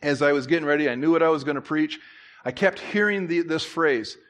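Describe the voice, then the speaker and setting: A man preaching a sermon in church, conversational with asides and restarts, who climbs louder and higher to drive his points home. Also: brisk. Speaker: pastor.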